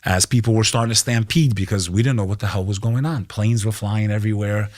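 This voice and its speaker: A middle-aged American man speaks with fierce conviction on a podcast, his voice sitting low and steady. He punches his points hard, curses freely and keeps calling his listener "bro". The sound is close and dry, with no room in it. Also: fairly quick, no echo. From United States. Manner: heated, emphatic, profane, keeps saying "bro". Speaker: podcast guest. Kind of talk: impassioned podcast talk.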